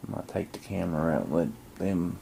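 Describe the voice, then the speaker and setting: A man vlogging casually with a camcorder, chatting to his dogs and hushing his voice indoors. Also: low-pitched, a little fast, vocal fry, slight background noise. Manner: talks to his dogs in a coaxing voice, drops to a hush indoors. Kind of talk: casual vlog narration to camera. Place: house indoors, then backyard outdoors. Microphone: handheld camcorder mic.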